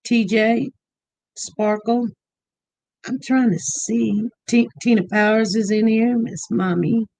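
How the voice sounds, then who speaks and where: A livestream host in casual chat, greeting viewers one by one by name in an easygoing, unhurried way and inviting them to call in. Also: medium pitch, fairly even intonation, vocal fry, darkish tone.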